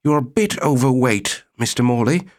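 A man's voice: medium pitch, animated, normal speed, darkish tone, pitched above the performer's own voice, close to an everyday voice. A man voicing a skinny, pedantic male colony psychologist with a clinical, lecturing manner.

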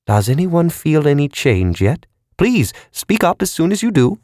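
A man's voice: a little high, very animated, moderate pace, darkish tone, no room sound, voice pushed up. A man narrating a story, voicing a severe, educated man who speaks in a precise, dry and cutting way. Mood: cool.

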